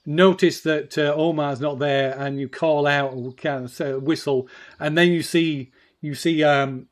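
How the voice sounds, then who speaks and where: A man narrating as game master of a tabletop game, his voice sitting a little high. He talks in halting bursts, restarting phrases and filling gaps with fillers. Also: fairly even intonation.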